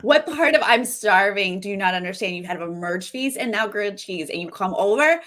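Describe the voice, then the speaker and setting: A woman's voice: medium pitch, animated, brisk, fairly bright tone. A woman co-hosting a casual reality TV recap, chatty and joking, sometimes acting out quotes. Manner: chatty, jokes and acts out quotes. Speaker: podcast co-host.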